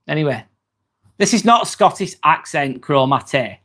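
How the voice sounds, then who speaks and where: A man's voice: fairly high pitch, takes it slowly. A man with an English accent hosting a casual live stream, chatting loosely, reading viewer comments aloud and dropping in the odd swear word. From England. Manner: chatty and relaxed, with frequent ums and casual swearing. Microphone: phone.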